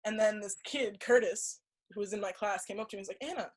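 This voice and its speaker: The audio is poor as this young woman, a podcast guest with a medium-pitched voice, tells something earnest in casual conversation. She keeps restarting her sentences and leans heavily on "like."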